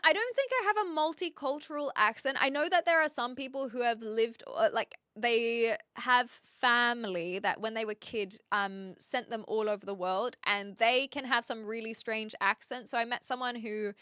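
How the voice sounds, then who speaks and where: Chatting casually with viewers on a live stream, a woman with a New Zealand accent thinks aloud and frequently pauses to search for the right word. Her voice is smooth, sharp and on the high side, captured in a dry, clean studio recording.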